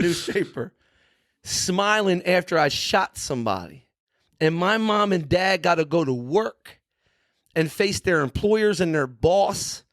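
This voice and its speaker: A middle-aged man speaks as a guest, telling his story with earnest, emphatic candor. His voice sits a little high, and he keeps checking in with "you know" and "right". The sound is dry and close, with no room around it. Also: a bit bright, no echo. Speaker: podcast guest in recovery. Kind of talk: candid storytelling.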